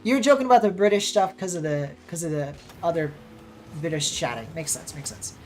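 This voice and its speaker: A woman's voice: fairly low pitch, lively intonation, brisk, a little mellow. Chatty American woman streaming a game. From United States. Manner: chatty, reacting to gameplay and chat. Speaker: streamer and caster. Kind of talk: casual live-stream chat while playing.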